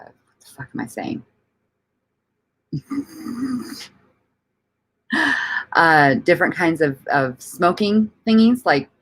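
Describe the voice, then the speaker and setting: Low-voiced rambling woman host, lively pitch. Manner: rambling, laughs often, swears casually. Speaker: livestream host. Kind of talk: casual livestream chat reading comments.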